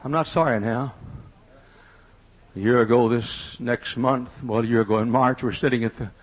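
A middle-aged man, preaching a fiery revival sermon in a rising cadence that builds to shouting. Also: mid-range voice, steady tone, normal speed. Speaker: pastor. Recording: dull lo-fi sermon recording.

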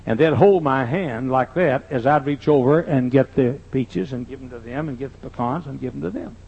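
Speaking at normal speed, this older pastor has a gravelly, husky voice of medium pitch. He tells humorous, folksy anecdotes in a sermon, heard through a dull lo-fi recording.

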